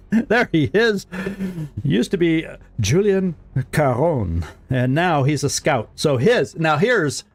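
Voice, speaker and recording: A man streaming a strategy game, talking casually to his viewers, often chuckling and repeating words as he thinks aloud. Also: on the high side. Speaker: gaming streamer. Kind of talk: casual let's-play commentary.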